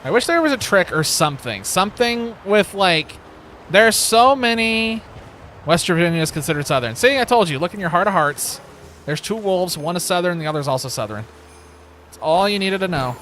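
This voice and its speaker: Bright-voiced man streaming a game. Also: sits high, expressive, a little fast, slight background noise. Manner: joking, rambling, laughs often. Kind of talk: casual gaming livestream chat.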